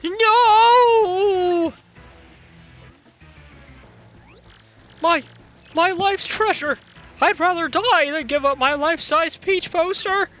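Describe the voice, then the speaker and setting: A man's voice: high-pitched, lively intonation, moderate pace, sharp tone, faint music behind, heavily acted. A man voicing a boastful, blustering turtle king in a fan playthrough of a video game. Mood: anguished. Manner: bombastic, blustering.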